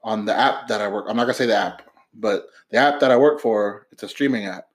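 A young man with a fairly low-pitched voice speaks quickly as a podcast co-host. He tells stories in a laid-back, casual chat and swears freely.

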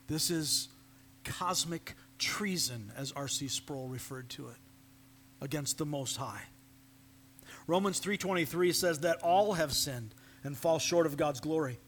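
Male pastor, unhurried earnest sermon delivery, sits a bit high, drops to near-whispers. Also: a bit bright, slight background noise. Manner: slow, earnest preaching, dropping to near-whispers. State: coughing, fighting a sore throat.

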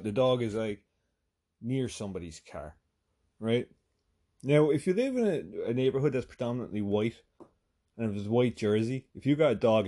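A man's voice: medium pitch, a little mellow. A man with an Irish accent, hosting a podcast and telling a profane comic story in a chatty way, full of "right?" asides and sudden bursts of emphasis. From Ireland. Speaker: podcast host.

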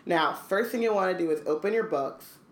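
Hagrid, read by a woman in a low voice. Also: a little fast, reverberant, lightly acted. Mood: cheerful. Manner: read aloud from a book. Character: big gruff male half-giant teacher.

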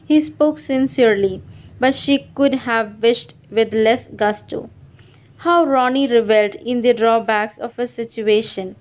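Woman reading an audiobook, steady pace, kinda dull muffled sound. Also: on the high side. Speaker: audiobook narrator. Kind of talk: scripted literary narration.

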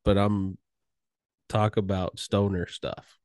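Man, comedian co-host, easygoing, halting, self-deprecating, low voice, dry sound. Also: little pitch movement, a little mellow, dry recording. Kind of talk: casual podcast chat.

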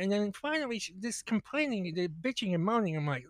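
Podcast guy, pretty high voice, swearing and rambling, repeats himself, dry close sound. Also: sing-song, fairly quick, no room sound. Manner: rambling, profane, repeats words. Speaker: podcast co-host. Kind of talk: casual comedic storytelling.

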